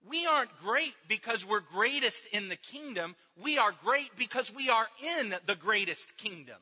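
A man preaching with high, animated delivery that rises to emphatic peaks and drops to near-hushed lines. His voice is very bright and forceful, and the recording has a long hall echo with a dull, muffled tone. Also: normal speed, few pauses, breathy edge. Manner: emphatic, swings from loud to hushed. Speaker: pastor. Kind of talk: sermon.

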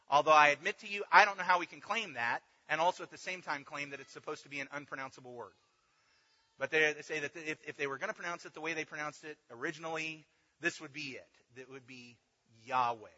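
A man's voice: a little high, sharp tone, long reverb tail, lo-fi sound. A man giving a Bible class lecture, explaining step by step and checking in with the listeners. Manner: explanatory, checks in with "okay" and "right". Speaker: Bible teacher.

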